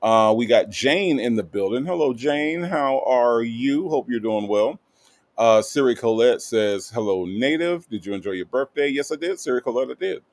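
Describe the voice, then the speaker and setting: A man's voice: medium pitch, animated, moderate pace, no echo. A man from the American South, hosting a livestream in a casual, upbeat way and greeting viewers by name with playful asides. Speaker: livestream host. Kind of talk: casual chat reading live comments.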